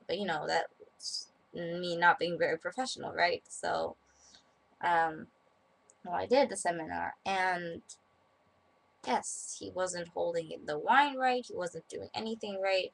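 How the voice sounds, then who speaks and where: A young woman from Japan talks to her camera at home, pitched a little low for a woman. She wanders through a story with lots of ums, likes and restarts, in a relaxed vlog chat. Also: measured pace, vocal fry. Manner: rambling, many fillers and restarts. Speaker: vlogger.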